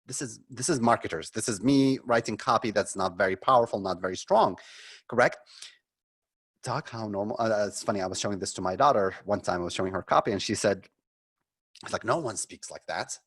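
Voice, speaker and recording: A man's voice: fairly low pitch, a little fast, fairly bright tone, slightly rough. A middle-aged man leading a live webinar as a marketing consultant, critiquing frankly and conversationally, with many ums and restarts.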